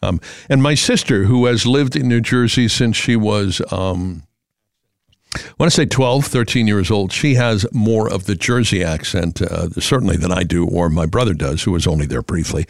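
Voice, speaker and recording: Gravelly, low-voiced New England man. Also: normal speed, dry recording, studio quality. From Massachusetts. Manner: rambling, chatty, with many fillers. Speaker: radio host. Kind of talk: casual talk radio.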